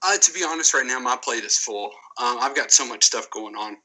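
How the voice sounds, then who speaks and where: A man's voice: mid-range voice, animated, a little fast, bright, forceful tone, low-quality recording. A man being interviewed on a casual podcast, talking emphatically, repeating phrases and restarting often. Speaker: guest commentator.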